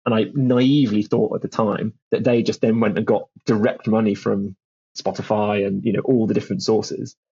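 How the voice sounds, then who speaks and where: A man's voice: on the low side, steady tone, moderate pace, dark tone, husky, muffled recording. A man, a music publishing founder, telling stories in a chatty podcast interview with lots of restarts and fillers. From England.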